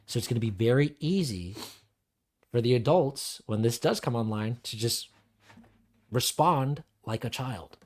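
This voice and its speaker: A man hosting a podcast, talking in an animated, profane way and acting out the voices of people he quotes. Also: mid-range voice, unhurried. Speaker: podcast host. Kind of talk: casual podcast discussion.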